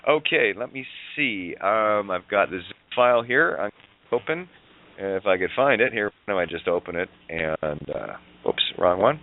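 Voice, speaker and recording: A man's voice: on the low side, lively intonation, measured pace. A man hosting a live call-in radio show, coaching his callers and laughing with them. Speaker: host of an online radio show. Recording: tinny phone-like line with faint noise.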